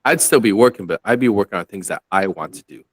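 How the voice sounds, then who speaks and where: A man with a fairly low voice tells a mischievous story on a casual podcast, chuckling between his lines. The sound is dry, with no room echo. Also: lively intonation, quick pace.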